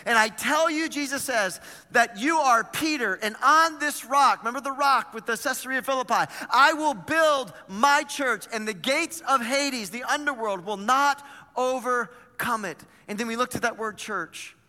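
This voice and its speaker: A male pastor preaching an energetic sermon in a church, retelling scripture with lively paraphrased dialogue. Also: very high-pitched, unhurried, long reverb tail.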